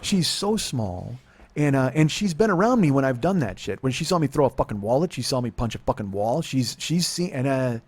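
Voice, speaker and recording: A man in his forties with a mid-range voice tells a confessional comedy story. His delivery is profane and self-mocking, and it swings between low, quiet muttering and sudden loud outbursts. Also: big pitch swings, brisk, husky. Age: 40s. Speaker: podcast host.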